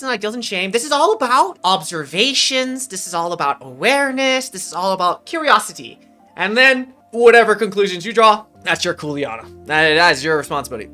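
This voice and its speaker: A woman hosting a casual podcast and coaching players, talking in a relaxed, slangy, chatty way and laughing often. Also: medium pitch, a little fast, faint music behind. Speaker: podcast host and mental performance coach.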